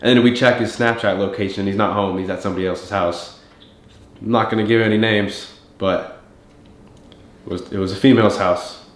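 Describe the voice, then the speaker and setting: A man's voice: lowish voice, steady tone, brisk, echoey room. A young man recalling a friend in a documentary interview, teasing him dryly. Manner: dry teasing storytelling.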